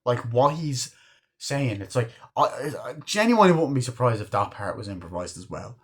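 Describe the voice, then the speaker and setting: A man's voice: medium pitch, very animated, normal speed. Rambling, foul-mouthed male film reviewer. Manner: rambling, swears freely, retells scenes. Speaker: movie reviewer. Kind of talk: casual spoken film review.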